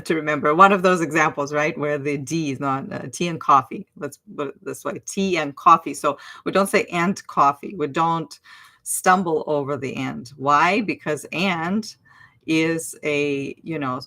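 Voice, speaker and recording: A middle-aged woman with a low, deep voice explains pronunciation to fellow teachers. She talks in a relaxed livestream manner, with many fillers and restarts. She stops to say example phrases aloud. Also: a little slow. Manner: chatty, with many fillers and self-corrections. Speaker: online language teacher and accent coach. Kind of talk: casual livestream talk.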